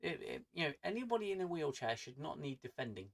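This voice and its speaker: A man's voice: on the high side, sing-song, fast, gravelly. Angry swearing man ranting. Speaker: streamer. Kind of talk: casual livestream rant.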